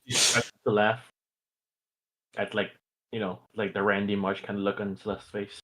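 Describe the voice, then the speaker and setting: Man, game player, low voice, halting casual talk. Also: level tone, fairly bright tone, rough recording. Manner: halting, with many fillers.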